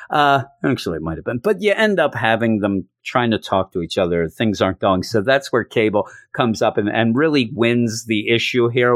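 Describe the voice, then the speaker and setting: A man casually recapping a comic book issue, chatting loosely and acting out the characters in quick put-on voices. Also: lowish voice, no echo, studio quality.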